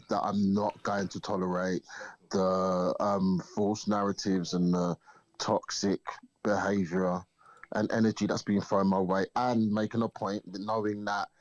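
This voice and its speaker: Casting note: low-voiced man, firm and pointed, muffled dry remote audio. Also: dry recording. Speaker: space host. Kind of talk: casual chat.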